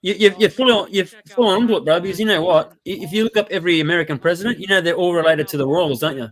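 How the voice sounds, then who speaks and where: A blunt Australian man with a slightly higher voice who rattles off slangy chat quickly on a livestream. He talks fast and keeps it loose. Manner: blunt and slangy, lots of filler. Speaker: livestream co-host.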